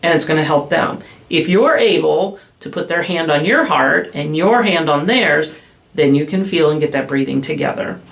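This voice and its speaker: A woman specialist in children's behavior explaining calming strategies in a podcast interview, slowing down gently when she models soothing phrases. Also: deep voice, creaky. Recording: echoey room with faint ambience.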